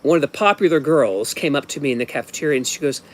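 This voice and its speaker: Fast and fairly high-pitched, a man in his fifties from Ohio shares a personal story at home, rambling, frequently starting over and adding asides along the way.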